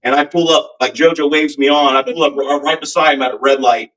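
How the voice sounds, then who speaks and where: A man's voice: on the high side, fairly even intonation, a little fast, a bit bright, recorded from a distance, rough recording. A man who sings in a rock band, telling stories in a casual interview in an earnest, rambling way with many fillers. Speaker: band singer, guest.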